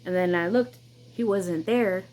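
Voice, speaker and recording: A woman's voice: mid-range voice, unhurried, a little mellow, low-quality recording. A woman hosting her own channel, telling a personal story in an emphatic, insistent way, with many repeats and restarts. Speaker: vlogger, channel host.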